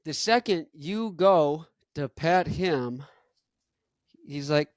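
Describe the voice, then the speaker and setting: A man's voice: fairly high pitch, lively intonation, slow pace, no room sound, studio quality. A young man hosting a casual podcast, rambling in laid-back slang and chuckling between thoughts. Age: young adult. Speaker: podcast host. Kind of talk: casual chat.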